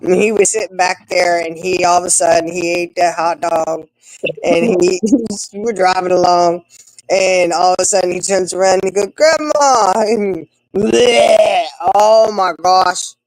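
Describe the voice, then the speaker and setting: A woman, telling stories in a relaxed chat among friends. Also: normal speed, dry recording, low-quality recording. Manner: chatty storyteller, animated with big swings in pitch. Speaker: co-host. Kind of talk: casual chat.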